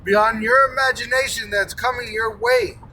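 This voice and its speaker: A man preaching an angry, profane fire-and-brimstone sermon, often breaking into shouts, recorded from a distance. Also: very high voice, steady tone, moderate pace. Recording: distant mic with faint background noise.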